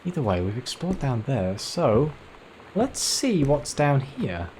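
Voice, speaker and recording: A man's voice: medium pitch, big pitch swings, slow, darkish tone, a little hiss or hum. A man giving let's play commentary, chatty and self-deprecating, reading notes aloud as he explores. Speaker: video game player.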